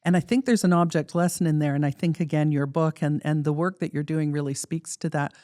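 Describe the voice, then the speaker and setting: Measured podcast host, thoughtful questions, dry close sound. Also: mid-range voice, fairly even intonation, mellow, dry recording. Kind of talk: conversational interview.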